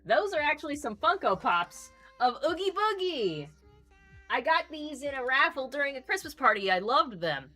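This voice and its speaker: A woman's voice: high voice, sing-song, normal speed, bright, forceful tone, soft background music. A young adult woman streamer chatting casually, teasing her guests and reading viewer comments aloud. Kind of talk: casual chat on a crochet and gaming stream.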